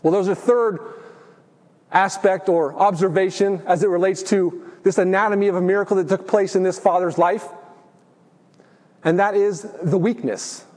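A man preaching a sermon as pastor, earnest and slowing down on key phrases. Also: sits high, fairly even intonation, darkish tone, big-room sound. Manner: earnest preaching, slows for emphasis.

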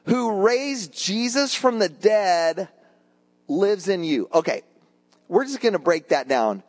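Older male pastor, animated storyteller, bright lively voice that swings widely, chatty with the congregation. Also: fairly high pitch. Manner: conversational, addresses congregation as guys. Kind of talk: sermon.

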